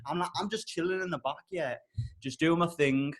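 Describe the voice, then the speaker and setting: A young man hosts a casual podcast and tells a long, animated story. He rambles and swears freely, and his voice sits a little on the high side. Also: a little fast. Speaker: podcast host.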